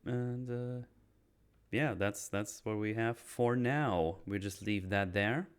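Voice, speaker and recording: A man's voice: on the low side, takes it slowly, clear, resonant tone. A man on a podcast, casually recapping a film scene by scene in a rambling way, full of fillers and restarts, with a loose, joking, self-deprecating manner. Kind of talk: casual chat.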